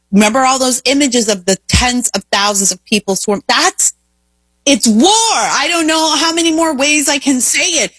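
A woman's voice: mid-range voice, fairly bright tone, husky, dry recording. A woman hosting a talk show, delivering an emphatic, opinionated monologue full of rhetorical questions. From Indiana, US.

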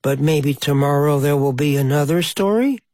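A man's voice: fairly high pitch, normal speed, darkish tone, no echo, clean studio sound, natural voice. A man doing a curious, eager young owl. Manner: lighter, questioning and eager. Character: curious, eager male owl, wide-eyed and innocent.

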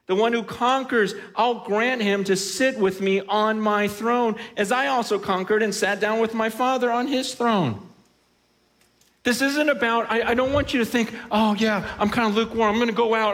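Impassioned high-voiced male pastor, reverberant hall. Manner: impassioned, voices quoted speakers. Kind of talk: sermon.

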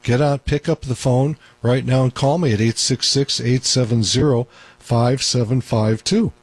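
A man's voice: medium pitch, fairly even intonation, normal speed, no room sound. A man hosting a call-in radio show as a doctor, talking in an emphatic, repetitive way. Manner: talkative, emphatic, repeats points.

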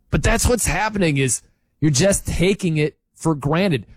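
A man hosting a sports talk show, arguing his point in an incredulous, animated rant with laughs between points. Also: fairly high pitch, no echo, poor audio.

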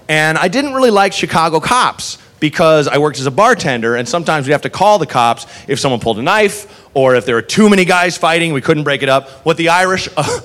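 A young man telling a profane stand-up story on a comedy club stage, acting out the people in it. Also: fairly high pitch. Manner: animated, profane, acts out characters in voices. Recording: live crowd in the room. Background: audience laughter.

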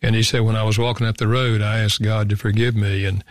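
A man's voice: lowish voice, level tone, fast, no room sound. An older man, a guest author in an interview, telling a personal story in an earnest, reflective way and often repeating words as he goes.

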